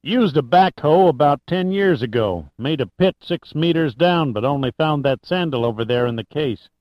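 A man voicing an excitable older Texan store owner who talks high and eager, in a dull lo-fi recording. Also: normal speed, no room sound, natural voice. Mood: excited.

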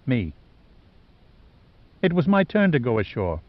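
An icy, scheming rich sister who talks with calm, mocking composure, read by a man in his own low-key voice. The recording is dry and a little dull, like lo-fi audio. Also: measured pace, no room sound. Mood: cold. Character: wealthy cold scheming woman, adult sister.

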